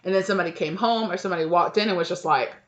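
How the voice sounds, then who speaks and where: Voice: mid-range voice, very fast, highs cut off. A tarot reader giving a casual reading, rambling along with lots of "like" and frequent giggles.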